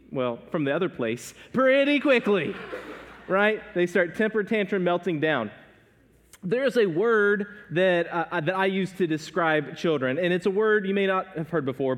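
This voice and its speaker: A male pastor in his thirties delivers a sermon from a church stage. His voice sits a bit higher than most men's, and he speaks in a conversational way, telling family stories with a laugh. The long reverb of the hall trails after each phrase.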